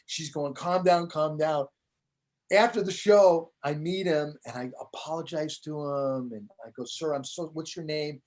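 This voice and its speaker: A man's voice: a little high, normal speed, few pauses. A man who is a comedian, telling anecdotes as a guest in a casual interview and acting out the voices of the people in them. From United States. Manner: animated storyteller, acts out voices in anecdotes.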